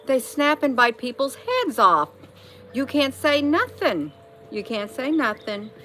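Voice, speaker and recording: A woman's voice: sits high, sing-song, a little slow, fairly bright tone, soft background music. A woman talking casually at home in an opinion vlog, emphatic and repeating phrases to drive her point home. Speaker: vlogger. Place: at home, indoors.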